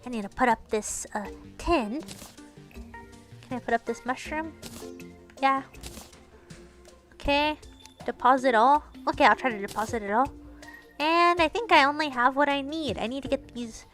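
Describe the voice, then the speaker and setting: A high, bright woman chatting her way through a game, playful and rambly, narrating each move and now and then teasing in a mock-scolding tone. Faint game music plays behind her. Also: normal speed, long pauses. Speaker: gaming streamer. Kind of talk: casual gameplay commentary.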